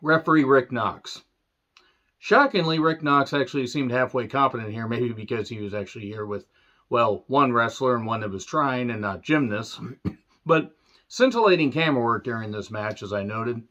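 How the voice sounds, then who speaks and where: A tired man recapping a wrestling show in a casual solo review, rambling with fillers, wry asides and frequent throat-clearing. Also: medium pitch, lively intonation, moderate pace, fairly bright tone, dull audio.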